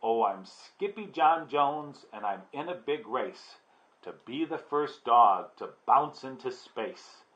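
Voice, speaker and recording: A man voicing a mischievous kitten boy who thinks he's a chihuahua, excitable and playful, in a storybook read-aloud. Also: medium pitch, slow. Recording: dull lo-fi recording.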